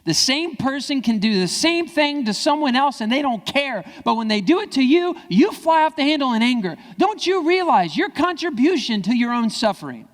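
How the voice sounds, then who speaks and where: A man gives a keynote speech in a large hall, and a long reverb trails each phrase. His voice runs high for a man and leaps up and down as he stresses his points. He talks emphatically and acts out small exchanges for the crowd. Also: normal speed, few pauses. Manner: animated, emphatic, acting out dialogue. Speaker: keynote speaker.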